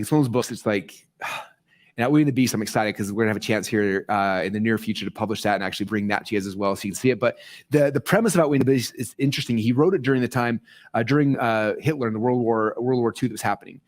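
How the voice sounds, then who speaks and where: A man speaking excitedly to a live audience, rambling with many fillers and restarts, voicing quoted people in a raised voice. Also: on the low side, racing. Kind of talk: excited casual presentation. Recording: played clip inside a commentary video.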